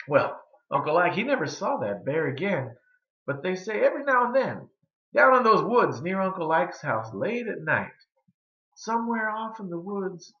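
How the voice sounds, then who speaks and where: A man telling a folk tale, drawling and dramatic, with hushed pauses. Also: high voice, very animated. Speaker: storyteller. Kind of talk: folksy storytelling. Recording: roomy, slightly dull recording.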